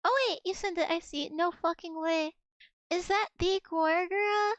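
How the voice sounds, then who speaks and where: A young woman with a strikingly high, girlish voice chats with her viewers while she plays. She teases them, curses freely and keeps the banter playful. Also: steady tone, normal speed, fairly bright tone, no room sound, muffled recording. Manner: playful, swearing, teasing banter with chat. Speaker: game streamer. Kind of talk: casual live gameplay stream chat.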